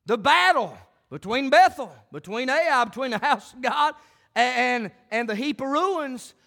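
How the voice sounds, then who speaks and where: A pastor delivers a folksy sermon in a very high, ringing voice. He talks plainly and then climbs into shouted, fervent preaching. The man's tone stays bright and forceful throughout. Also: animated, unhurried, vocal fry. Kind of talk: fiery country sermon.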